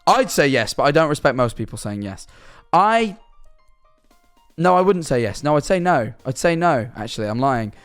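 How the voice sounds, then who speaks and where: A man's voice: mid-range voice, lively intonation, a little fast, hardly any pauses, faint music behind. A young man chatting on a live stream, rambling through absurd hypotheticals and answering his chat. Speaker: livestreamer.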